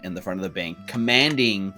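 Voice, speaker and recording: A man's voice: deep voice, brisk, soft background music. A man running a tabletop role-playing game, narrating the scene with frequent fillers and restarts. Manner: relaxed, hesitant narration with fillers. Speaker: game master.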